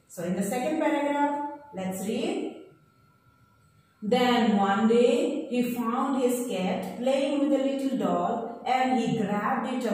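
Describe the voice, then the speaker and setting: A woman's voice: on the high side, darkish tone, a little hiss or hum. A woman with an Indian English accent, teaching English by reading a story aloud and explaining each word simply. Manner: reads a line, then explains it simply with fillers. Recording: echoey room from far off.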